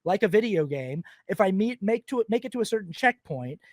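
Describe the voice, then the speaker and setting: A man's voice: sits high, sing-song, fairly quick, a little mellow, no room sound, studio quality. A man co-hosting a film podcast, talking through a movie in a rambling, casual way full of "like" and laughs. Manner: chatty, rambling, lots of "like" and laughs. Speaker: podcast co-host. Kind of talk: casual film review chat.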